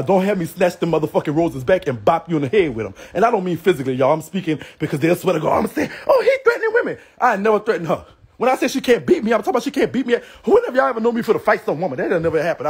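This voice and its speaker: This livestream rant comes from a man with a fairly high, husky voice who races along expressively. He's brash and profane, trash-talking in a Southern US accent and breaking into laughter often.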